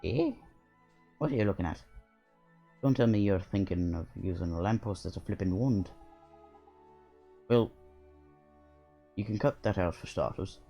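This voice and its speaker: A man's voice: on the low side, unhurried, gravelly, pauses often, dull audio, soft background music. A man voicing a chatty, bossy little male fairy sidekick while reading a game aloud. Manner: lilting, bossy, slangy and matter-of-fact.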